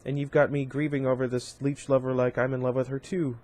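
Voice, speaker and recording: A sneering, bitter young woman from a storybook who talks bluntly and with scorn, as a man reading aloud puts her on. Her lines are delivered at a mid pitch with little change from the reader's own voice. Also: little pitch movement, a little fast, darkish tone, lightly acted. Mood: scornful.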